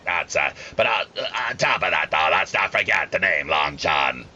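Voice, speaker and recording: A man playing a deep robotic pirate captain. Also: moderate pace, lo-fi sound, full character voice. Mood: hearty. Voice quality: robotic, flat, Dalek-like sound. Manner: formal, gracious welcoming. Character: hard-drinking male pirate captain, show persona. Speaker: co-host.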